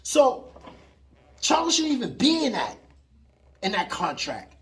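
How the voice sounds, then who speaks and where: Male vlogger, opinionated boxing commentary, expressive up-and-down delivery, emphatic. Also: extremely high pitch, a little slow. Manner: animated, emphatic, argues with an imagined listener.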